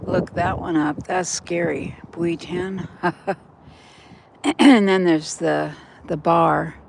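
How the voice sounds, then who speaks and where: A woman's voice: on the low side, fairly even intonation, slow pace, vocal fry, slight background noise. An older woman rambling through a walk-and-talk vlog outdoors by a river, chatting straight to her viewers on a handheld phone. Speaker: vlogger. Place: outdoors by a river in cold weather.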